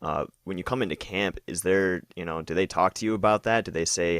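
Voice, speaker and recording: A man with a low voice asks a guest questions, halting now and then with fillers. The sound is dry and close, with no room echo. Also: fairly bright tone. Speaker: podcast co-host. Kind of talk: casual interview questions.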